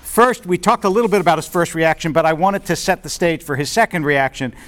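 A man teaching a Bible study class to a group in a room. He lectures informally, often checking in with "right?" and pausing on "um". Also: on the high side, fairly bright tone. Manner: conversational, checks in with "right?", frequent "um".

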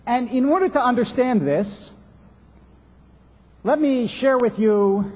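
A man giving a sermon as a rabbi, telling stories in a measured way with rhetorical questions, recorded on dull lo-fi sound in a reverberant synagogue. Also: high-pitched, a little hiss or hum. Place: synagogue sanctuary.

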